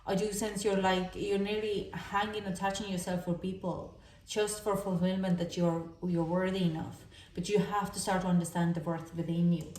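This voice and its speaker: Halting, emotional woman reading tarot, echoey room. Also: on the low side, little pitch movement, a little mellow, far from the mic. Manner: halting, emotional, many fillers and restarts. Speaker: tarot reader. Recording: echoey room, voice a little off-mic.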